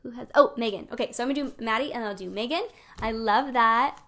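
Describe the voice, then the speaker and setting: A woman's voice: on the high side, quick pace, a bit bright. A woman hosting a live weekly card pull, chatting and coaching her viewers in a bubbly, encouraging way and laughing often. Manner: encouraging, speaks directly to viewers. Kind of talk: live-streamed casual spiritual coaching.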